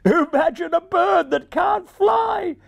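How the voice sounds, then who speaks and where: A man voicing a gang of cruel, gloating magpie thieves who cackle and shout, in a storybook reading. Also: mid-range voice, big pitch swings, slow pace, heavily acted.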